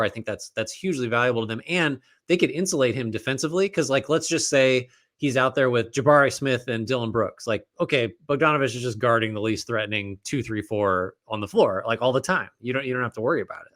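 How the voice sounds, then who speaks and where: Bright-voiced chatty young man. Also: mid-range voice, quick pace. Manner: chatty and jokey, many fillers. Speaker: podcast co-host. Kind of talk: casual basketball podcast chat.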